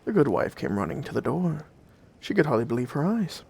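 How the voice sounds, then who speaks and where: A man narrating old folk tales in a gentle, old-fashioned fireside storytelling manner. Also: on the high side, lively intonation, fast, vocal fry, husky.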